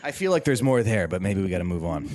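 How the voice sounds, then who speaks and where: Lively, laughing male comedy podcast host. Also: deep voice, fast talker. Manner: joking, laughs often, breaks into silly voices. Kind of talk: casual comedy podcast banter.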